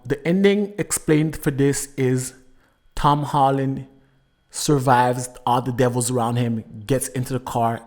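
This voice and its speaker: A man hosting a movie review channel, ranting with exasperation and sarcasm, swinging between loud outbursts and muttered asides. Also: mid-range voice.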